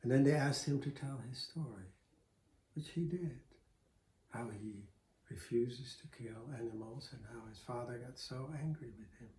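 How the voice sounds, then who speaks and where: A man's voice: mid-range voice, moderate pace, warm tone. Guy telling a folk tale off the cuff, chatty with lots of ums, echoey room. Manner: conversational, with fillers and restarts. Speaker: storyteller.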